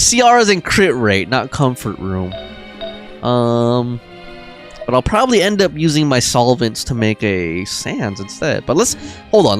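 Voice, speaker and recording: Rambling streamer man, lively pitch. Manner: rambling, thinking aloud with laughs. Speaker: game streamer. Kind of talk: casual gameplay chat. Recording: faint game music behind.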